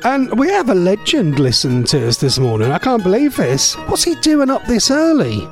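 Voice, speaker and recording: A man presenting a casual radio show, rambling and chatty, his voice going a bit hoarse. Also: high voice, huge pitch swings, moderate pace, over music. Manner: rambling, chatty, laughs often.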